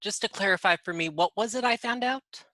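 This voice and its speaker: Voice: medium pitch, a little fast, pushed and bright, no room sound. A player in a tabletop game, talking casually and carefully asking for clarification.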